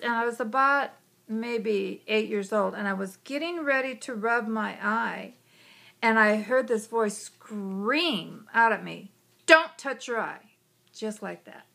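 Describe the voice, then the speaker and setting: Woman storyteller, chatty and informal, gravelly creaky voice, slightly high. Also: pushed and bright. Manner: chatty, frequent "you know", drops to a whisper for quotes. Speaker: psychic hypnotist telling a personal story. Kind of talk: conversational storytelling.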